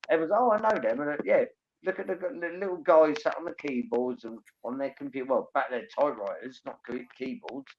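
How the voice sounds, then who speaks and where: A man's voice: mid-range voice, brisk, dull audio, slight background noise. A man from England, telling rambling, enthusiastic stories in casual chat.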